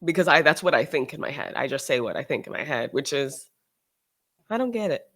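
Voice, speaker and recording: A host talking casually on a livestream, animated and sarcastic, often restarting sentences and trailing off. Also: mid-range voice, fast. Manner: animated, sarcastic, shifts into mocking quoted voices.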